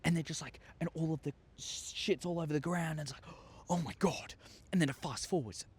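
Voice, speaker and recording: A young man telling a story to his viewers, excitable and acting out scenes with sound effects. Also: fairly high pitch, brisk, breathy edge. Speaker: YouTuber. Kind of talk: casual storytelling monologue.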